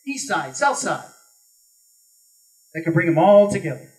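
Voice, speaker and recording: A man's voice: sits high, sing-song, normal speed, pauses often, a little mellow. A man running for governor, delivering an emphatic, rallying closing speech at a forum. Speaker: political candidate. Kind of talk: campaign closing statement. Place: meeting hall forum. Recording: distant room mic.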